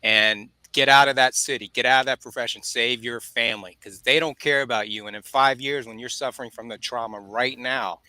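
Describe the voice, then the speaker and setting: A man's voice: medium pitch, steady tone, brisk, few pauses, bright, forceful tone, dry recording, low-quality recording. A man co-hosting a podcast, talking bluntly and heatedly, often breaking off to apologize. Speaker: podcast co-host. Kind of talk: casual podcast chat.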